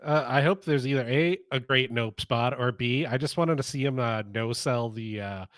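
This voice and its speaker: A man co-hosting a wrestling podcast, chatting and telling stories in an animated way with laughter. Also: mid-range voice, moderate pace, no echo, studio quality. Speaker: podcast co-host. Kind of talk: casual chat, storytelling.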